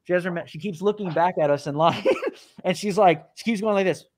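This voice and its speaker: A man's voice: high-pitched, brisk, darkish tone. A man hosting a casual talk show, animatedly telling a story, acting out the people he quotes and laughing often. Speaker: podcast host.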